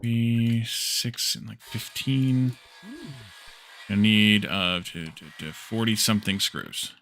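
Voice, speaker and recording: A man's voice: fairly low pitch, slow pace, a little hiss or hum. A man streaming a building game, thinking aloud as he crafts and chatting back with his viewers. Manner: relaxed, thinks aloud while crafting, reads and answers chat. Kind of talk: casual gameplay stream chat.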